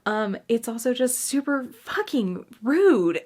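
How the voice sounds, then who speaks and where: A woman's voice: fairly high pitch, sing-song, slow pace. Cranky woman ranting about books. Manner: cranky, profane and emphatic; gestures a lot while talking. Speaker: book reviewer. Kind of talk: casual ranting book review.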